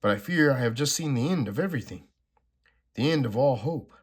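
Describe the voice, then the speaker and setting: A man's voice: mid-range voice, animated, fairly quick, breathy edge, voice pushed up. A man reading a comic aloud, voicing a grieving, desperate male survivor in a slightly raised, urgent voice. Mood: despairing. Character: anguished male survivor, grief-stricken and desperate.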